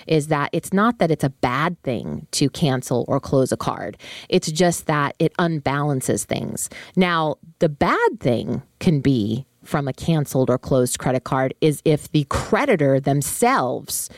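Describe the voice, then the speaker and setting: Low-voiced chatty woman explaining finances. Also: no echo, studio quality. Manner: chatty, conversational, frequent fillers and asides. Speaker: podcast host on personal finance. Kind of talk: casual solo explainer.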